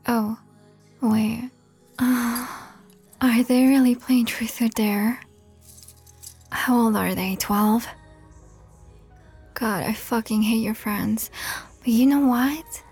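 A young woman performing an audio role-play to the listener, sarcastic and profane, often dropping into a breathy whisper. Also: on the high side, fairly even intonation, drawn-out words, long pauses, darkish tone, faint music behind.

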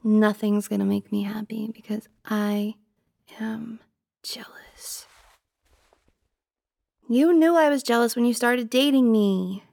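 A woman's voice: fairly high pitch, lively intonation, moderate pace, few pauses, a little mellow, dry recording, studio quality. A young woman voicing a jealous, possessive girlfriend in an audio role-play, pouty and teasing, sometimes dropping to a whisper.

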